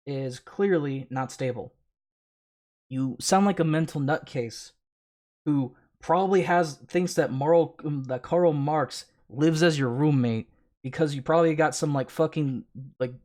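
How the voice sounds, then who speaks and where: A man's voice: a little high, darkish tone. A man hosting a live stream, reacting to clips with mocking, sarcastic commentary full of swearing. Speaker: streamer host.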